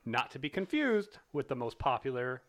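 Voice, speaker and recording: A man co-hosting a casual film podcast, talking in an animated, playful way and laughing often. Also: mid-range voice, moderate pace. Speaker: podcast co-host. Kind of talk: casual chat.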